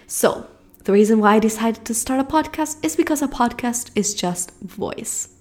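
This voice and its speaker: A woman's voice: fairly high pitch, lively intonation, normal speed. A young woman with a non-American accent, hosting a solo podcast and talking earnestly and encouragingly to listeners. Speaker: podcast host and acting coach. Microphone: podcast mic.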